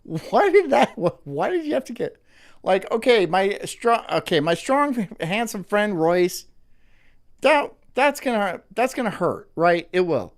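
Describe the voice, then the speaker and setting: Swearing, lively-voiced male streamer. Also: high-pitched, a little slow. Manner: swears often, stumbles and restarts, exasperated banter. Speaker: streamer reading viewer donations. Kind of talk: casual live-stream chat.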